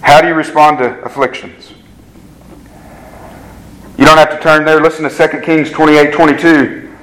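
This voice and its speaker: A man's voice: on the high side, steady tone, moderate pace, fairly bright tone, poor audio. A man preaching a sermon as pastor, earnest and emphatic, often checking in with the congregation and restarting his words. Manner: repeats words when starting sentences.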